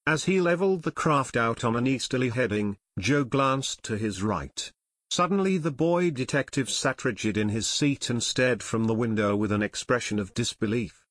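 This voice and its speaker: A man narrating a children's mystery audiobook in measured storytelling. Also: mid-range voice, fairly bright tone, no echo, studio quality. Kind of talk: scripted narration.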